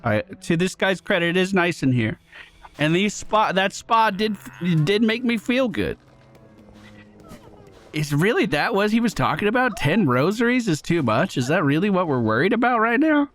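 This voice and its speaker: A man casually commenting on his game run, chatty and excitable, thinking out loud and swearing now and then. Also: high voice, normal speed, faint music behind. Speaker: let's play streamer.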